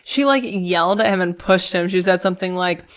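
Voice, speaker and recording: A woman's voice: lowish voice, brisk, clear, resonant tone. A woman co-hosting a podcast, chatting casually and emphatically about a reality show. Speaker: podcast co-host.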